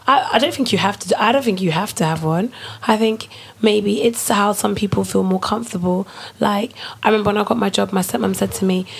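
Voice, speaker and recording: A woman co-hosting a relaxed chat. Her voice carries a gravelly fry and a husky grain. She tells her stories by acting out other people's lines. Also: medium pitch, a little fast. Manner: laughing, storytelling with acted-out quotes. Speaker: podcast co-host. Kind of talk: casual chat.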